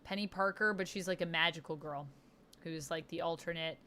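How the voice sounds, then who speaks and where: A woman with a somewhat low-pitched voice hosts a relaxed livestream. She talks like an eager comic fan, reading viewer questions aloud and answering them in a loose, conversational way. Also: brisk, slight background noise. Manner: enthusiastic comic-book fan talk. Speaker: livestream host. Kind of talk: casual chat.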